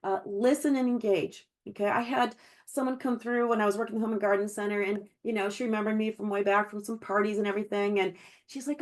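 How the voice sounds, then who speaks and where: A woman's voice: mid-range voice, fairly even intonation, quick pace. A woman giving an encouraging sales team training over a video call, chatty and full of fillers. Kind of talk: virtual team training talk.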